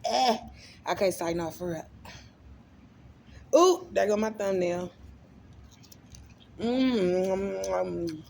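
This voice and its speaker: A woman's voice: mid-range voice, lively intonation, slow pace, vocal fry, long pauses, a little mellow, slight background noise. A woman vlogger chatting casually to her viewers between bites, humming and smacking as she eats. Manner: talks between bites, with lip smacking and hums. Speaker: mukbang vlogger. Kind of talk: casual eating vlog chat.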